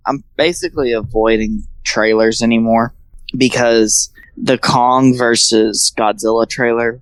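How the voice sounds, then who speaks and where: A man co-hosting a casual podcast chat, animated and quick to act out quotes in silly voices. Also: mid-range voice, no room sound, rough recording. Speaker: podcast co-host.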